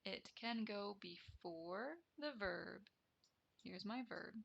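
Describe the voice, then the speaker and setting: A woman English teacher explaining a grammar lesson deliberately, repeating each key term. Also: mid-range voice, gravelly, fairly bright tone, muffled recording.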